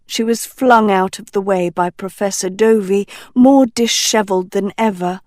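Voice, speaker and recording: A woman narrating a storybook in a measured, deliberate way. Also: medium pitch, a little mellow, dry recording, studio quality. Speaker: audiobook narrator.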